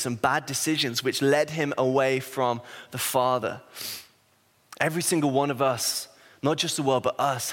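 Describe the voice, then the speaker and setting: A man, an assistant pastor giving a sermon, telling a self-deprecating story in an animated way. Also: medium pitch. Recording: reverberant hall.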